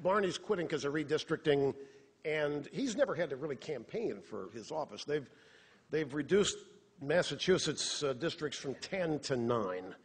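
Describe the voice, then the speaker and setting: A man giving a live political monologue on a theater stage, animated, sarcastic and rhetorical. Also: fairly high pitch, normal speed, slight background noise. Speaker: radio talk show host on stage. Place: theater stage before an audience. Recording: long reverb of a theater hall.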